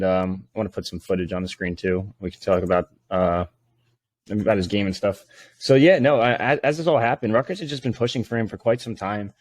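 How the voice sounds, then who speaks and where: A man co-hosting a sports podcast who tells stories in an animated way, swearing and laughing freely. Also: lowish voice. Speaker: podcast co-host. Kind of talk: casual sports podcast chat.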